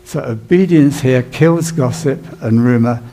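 A man's voice: mid-range voice, a little slow, warm tone. A male pastor giving a sermon in a conversational, storytelling way. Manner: conversational storytelling with plain emphasis.

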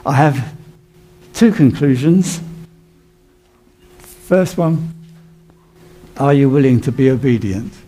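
A man's voice: medium pitch, lively intonation, takes it slowly, long pauses, warm tone, breathy edge. A male pastor giving a sermon in a conversational, storytelling way. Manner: conversational storytelling with plain emphasis.

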